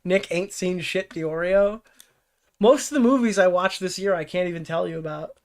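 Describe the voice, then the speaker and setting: Young streamer dude, kinda high voice, swears a lot, rambles and cracks up laughing at chat. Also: male voice, moderate pace. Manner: profane, rambling, laughs often, mocking impressions. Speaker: streamer and commentary host. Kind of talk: casual livestream chat reading chat comments.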